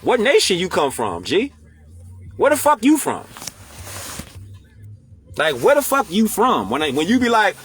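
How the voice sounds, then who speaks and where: Animated, preachy man with slang. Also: sits high, measured pace, pauses often, soft background music. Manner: emphatic, rhetorical questioning, slangy and profane. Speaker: online commentator. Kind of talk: casual monologue.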